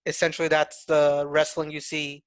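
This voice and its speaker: A man's voice: fairly high pitch, monotone, normal speed, a bit bright, clear, resonant tone, dry recording. A man hosting a podcast, asking loose, filler-filled questions in casual chat. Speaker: podcast host.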